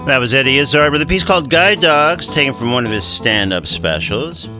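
A man's voice: medium pitch, lively intonation, a little fast, over music. A man hosting a radio talk show, friendly and meandering, with frequent fillers as he introduces guests and segments.

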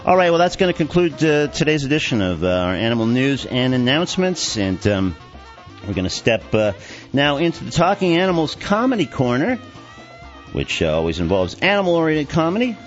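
A man's voice: medium pitch, a little fast, faint music behind. Guy hosting a radio show, lots of uhs, voice jumps around a lot, kinda muffled. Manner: lively, with frequent fillers.

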